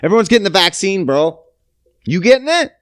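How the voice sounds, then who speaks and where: A man's voice: high voice, sing-song, brisk, a bit bright, dry recording, clean studio sound. A young man from Canada hosting his own podcast, ranting in a profane, sarcastic way. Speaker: podcast host. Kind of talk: casual solo podcast rant.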